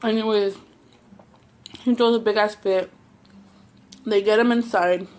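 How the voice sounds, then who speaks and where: Woman, casual eating vlog, rambling storyteller, curses freely, mid-pitched. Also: steady tone, unhurried, a little mellow. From Southern California. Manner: rambling, profane, lots of "like". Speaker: mukbang vlogger.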